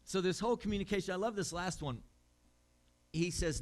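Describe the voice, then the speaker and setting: Conversational pastor, somewhat high voice. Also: male voice, expressive, fairly quick, pauses often. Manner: conversational, with fillers and amused asides. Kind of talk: sermon. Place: church.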